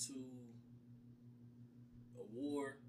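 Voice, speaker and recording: A man co-hosting a podcast, talking in a relaxed, slangy, rambling way. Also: extremely slow, recorded from a distance, slight background noise. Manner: laid-back, slangy, rambling storytelling. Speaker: podcast co-host. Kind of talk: casual chat.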